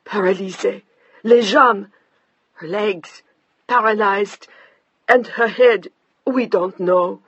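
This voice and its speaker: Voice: medium pitch, takes it slowly, long pauses, a bit bright, slightly rough, dry recording, muffled recording, pitched above the performer's own voice, heavily acted. A narrator voicing an older French woman, a stern, grieving mother-in-law with a French accent and clipped, formal English. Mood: wailing.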